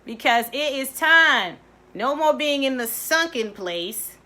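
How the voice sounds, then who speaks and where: A middle-aged woman from Baltimore, a mindfulness coach giving an animated motivational talk to her viewers, laughing often and swooping in pitch. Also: slow. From Baltimore, United States.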